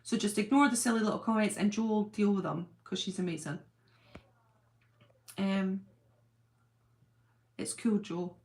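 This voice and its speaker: A woman's voice: medium pitch, measured pace, long pauses, darkish tone. A chatty middle-aged woman hosts a casual live stream, answering viewers by name. She rambles, wanders off on tangents and laughs easily as she goes. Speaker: livestream host. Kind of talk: casual live chat reading viewer comments.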